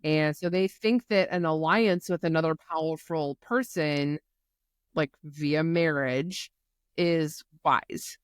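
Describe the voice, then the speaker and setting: Lively woman retelling a book. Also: deep voice, slow pace, clear, resonant tone, dry recording, studio quality. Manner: animated retelling with voiced quotes. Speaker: podcast co-host. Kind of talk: casual book chat.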